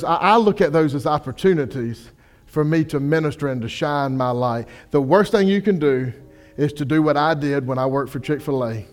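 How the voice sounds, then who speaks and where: A young pastor with a drawl preaches in a homespun, storytelling way, slipping into animated voices for the people he quotes. His voice sits a little high for a man, with faint music underneath. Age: young adult. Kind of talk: sermon.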